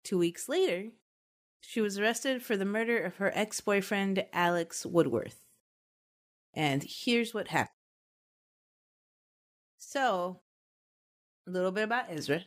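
A woman's voice: medium pitch, expressive, a little slow, long pauses. Woman host, casual true crime podcast, giggly, chatty storytelling. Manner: giggly, chatty, recounts case details.

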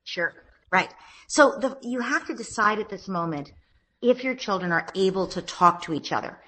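A woman talks through parenting advice in a calm, explanatory way. She often slips into soft, gentle parent dialogue. Her voice is slightly husky. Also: medium pitch, normal speed. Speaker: parenting expert guest. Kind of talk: conversational advice in podcast interview. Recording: podcast interview.

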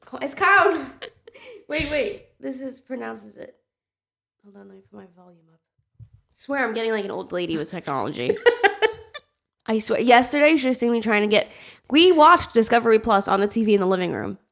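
Gravelly-voiced young woman podcast host. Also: a little high, very animated, normal speed, long pauses. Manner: laughs a lot, swears casually. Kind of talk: casual chat, reading a listener letter.

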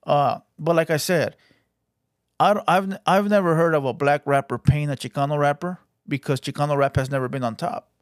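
Fast-talking Mexican American man. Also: fairly high pitch, no echo, clean studio sound. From United States. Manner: fast, animated, swearing, asks "right?" often. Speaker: commentary host. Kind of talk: casual commentary on clips.

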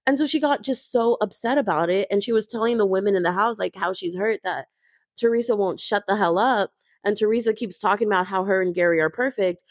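A woman's voice: medium pitch, a little fast, no room sound, clean studio sound. A young woman recapping a reality show in a gossipy, chatty way, full of casual fillers. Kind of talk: casual chat.

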